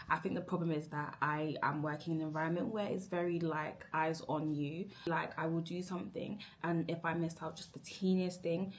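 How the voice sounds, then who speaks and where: Young adult woman, lowish voice, rambling exasperated work rant, repeats herself. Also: slight background noise. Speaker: vlogger. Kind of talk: emotional work rant to camera.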